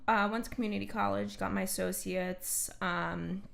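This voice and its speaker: Gravelly-voiced New Jersey woman. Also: mid-range voice, normal speed. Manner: animated storyteller. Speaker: guest. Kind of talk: casual podcast chat.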